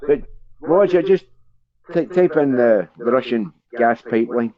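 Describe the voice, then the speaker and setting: A man's voice: mid-range voice, expressive, unhurried. A Scottish man talking in a loose, rambling way, swearing freely as he chats. The sound is dull and muffled, with a busy crowd of people around him. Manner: sweary, rambling joke-teller. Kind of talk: casual street chat.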